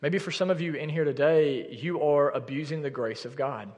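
A man's voice: on the high side, moderate pace, darkish tone, in a large hall. A young adult man preaching a sermon as pastor, addressing the congregation directly and earnestly. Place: church sanctuary.

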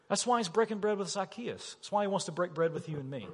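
A man with a high, slightly husky voice preaches an emphatic sermon. He keeps asking his listeners questions. The long reverb of a church hall follows every line. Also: fast talker, hardly any pauses. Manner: animated, emphatic, rhetorical questions. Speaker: pastor. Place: church sanctuary.

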